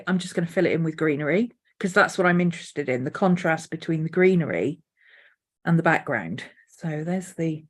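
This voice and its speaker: Low-voiced woman musing while she sketches. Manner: thinking aloud, unhurried, coos to her dog. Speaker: artist. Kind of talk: casual art vlog narration. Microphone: desk mic.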